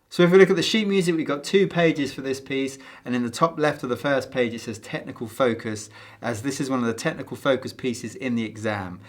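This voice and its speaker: A man teaching drums, patiently explaining sheet music step by step and counting beats aloud. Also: mid-range voice. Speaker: drum teacher. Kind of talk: instructional lesson.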